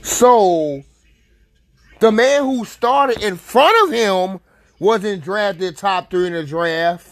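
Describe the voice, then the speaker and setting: A man in a heated fan rant, furious and swearing, his high voice leaping wildly between low mutters and shouts. He repeats himself over and over and sounds upset. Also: expressive, slow pace. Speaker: sports fan. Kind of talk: angry rant to camera.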